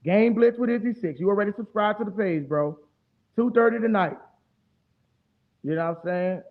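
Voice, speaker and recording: A man's voice: high voice, normal speed. Profane New Orleans man on a tinny stream. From New Orleans, Louisiana. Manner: profane, rambling, heated. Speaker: streamer host. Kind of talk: casual live-stream chat. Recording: tinny phone-like audio.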